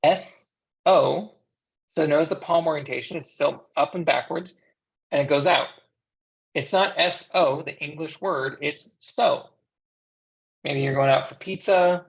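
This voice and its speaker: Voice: medium pitch, slow pace, creaky, pauses often. Conversational American voice interpreting a class. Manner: conversational teaching, rhetorical questions to the class. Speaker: sign language interpreter voicing an ASL instructor.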